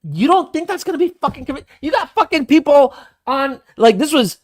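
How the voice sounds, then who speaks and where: A man's voice: very high voice, brisk. Male podcast host, casual and profane, acts out quotes in bursts. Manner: animated, swearing, acts out quoted voices.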